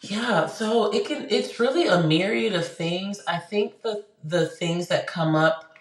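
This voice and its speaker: A woman's voice: mid-range voice, measured pace, roomy sound. A woman counselor talking casually and animatedly, telling stories with lots of fillers. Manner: animated storyteller, frequent fillers. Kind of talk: casual discussion.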